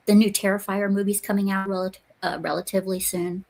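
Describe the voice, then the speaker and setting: A woman's voice: mid-range voice, level tone, a little fast, creaky, a little mellow. A woman hosting a casual podcast chat, rambling and often restarting her sentences. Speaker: podcast host. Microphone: remote podcast call.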